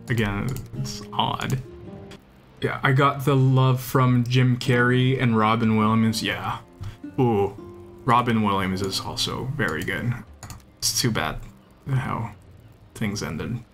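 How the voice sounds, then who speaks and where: A man's voice: on the low side, a bit bright. Rambling young male game streamer. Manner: rambling, enthusiastic, many restarts. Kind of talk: casual chat while gaming.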